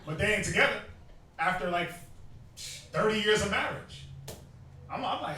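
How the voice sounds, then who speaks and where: A young man street teaching to a group, animated and joking, often mimicking people. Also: high-pitched, brisk, slight background noise. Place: outdoors in a city. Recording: very echoey, distant from mic.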